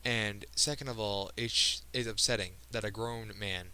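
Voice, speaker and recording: Pitched on the low side with fairly even intonation, this teenage boy's voice is bright, forceful, and smooth, caught on a rough recording. In his personal vlog he sounds earnest and emotional, a video creator who stumbles, pauses, and starts over often.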